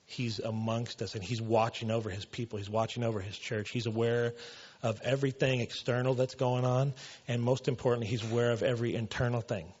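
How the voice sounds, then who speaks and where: Husky-voiced man giving a casual sermon. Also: medium pitch, fairly even intonation, brisk, a little mellow, muffled recording. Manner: casual, with many fillers like "you know" and "man". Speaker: pastor. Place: church.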